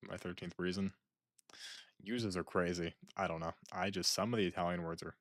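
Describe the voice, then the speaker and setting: A young man with a low, deep voice rambles and jokes as he reacts to videos, restarting and trailing off. The sound is close-miked and dry, with no room echo. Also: fairly even intonation, a little fast. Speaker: streamer. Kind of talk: casual chat reacting to videos.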